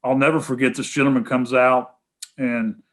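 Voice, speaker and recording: A man with a Tennessee Southern accent, a guest speaker taking questions over a video call in an earnest, halting way. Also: mid-range voice, level tone. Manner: many fillers and restarts, earnest. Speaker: guest speaker, healthcare association head.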